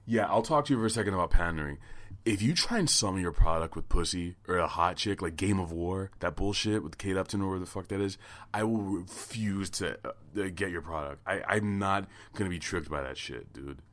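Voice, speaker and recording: Low-voiced, profane male podcast co-host. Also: fairly quick. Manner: profane, rambling, animated. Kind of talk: casual chat.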